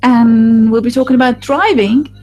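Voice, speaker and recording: A woman giving a live voice-over interpretation of a group discussion, speaking in a halting way with restarts and fillers. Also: a little high, dark tone, dull audio, soft background music.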